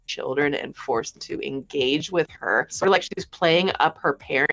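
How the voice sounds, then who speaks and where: A woman hosts a casual commentary livestream in a sassy, sarcastic manner, full of swearing and snarky asides. Her speaking voice sits fairly low for a woman. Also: normal speed, vocal fry, a bit bright. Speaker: commentary vlogger.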